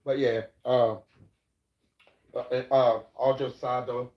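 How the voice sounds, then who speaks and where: This middle-aged live streamer talks slowly in a level, mid-range voice. His casual, profane rambling slips into sermon-like asides, and the audio has a dull, echoey lo-fi room sound.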